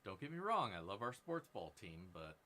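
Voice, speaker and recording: A man's voice: lowish voice, sing-song, normal speed, pushed and bright. A man hosting a casual live stream, joking and rambling to his viewers while he works at a workbench. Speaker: live-stream host prospecting for gold. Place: indoor workbench.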